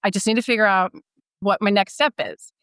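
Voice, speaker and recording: A woman in her fifties, a podcast guest telling a personal story in a casual, animated way and acting out what others said. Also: medium pitch, a little fast, smooth, no echo, clean studio sound. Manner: animated, acts out quoted dialogue.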